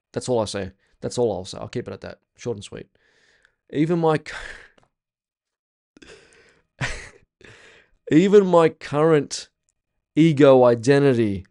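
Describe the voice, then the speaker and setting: A man's voice: mid-range voice, a little mellow, clear, resonant tone. Young male spiritual teacher, casual and blunt, heavy swearing, hammers points by repeating them. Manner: blunt, swears freely, emphatic repetition. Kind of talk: casual workshop talk.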